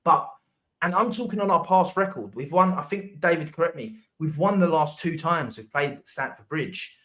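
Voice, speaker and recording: A man's voice: a little high, moderate pace, a bit bright. A man in a heated casual football debate, insistent and repeating himself to make his point. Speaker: football panel guest.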